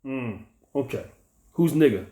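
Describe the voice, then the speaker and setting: A man's voice: mid-range voice, animated, unhurried, dark tone. A man hosting a commentary video, ranting in a profane, heated and mocking way. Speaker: commentary channel host. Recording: echoey room.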